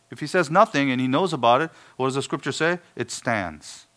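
A man preaching a sermon, stressing words loudly and then dropping to quiet asides. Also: fairly high pitch, lively intonation, a little fast, hardly any pauses. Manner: emphatic, swings between hushed asides and loud stressed words.

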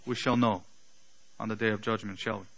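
A man preaching a sermon, building to loud emphatic peaks and trailing off quietly at the ends of phrases. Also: lowish voice, steady tone, fairly quick, creaky, poor audio.

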